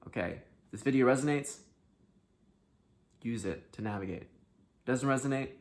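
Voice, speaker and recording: Man, self-help host, candid monologue, swings from quiet to loud, swears freely. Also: medium pitch, moderate pace.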